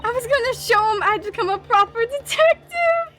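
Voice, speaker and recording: A woman's voice: very high-pitched, expressive, normal speed, a bit bright, voice pushed up. Woman voicing a tough young police girl. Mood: distraught. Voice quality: rough working-class speech. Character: young female scrappy London police apprentice.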